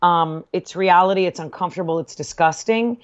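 A woman's voice: fairly low pitch, brisk. A woman co-hosting a podcast, speaking earnestly with hesitations in casual chat. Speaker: podcast co-host. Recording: slightly dull sound.

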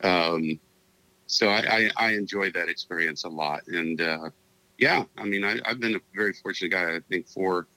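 An older man, an actor as interview guest, talking in a relaxed, halting, reflective way. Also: low voice, dry recording, poor audio. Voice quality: halting, reflective, many ums and uhs.

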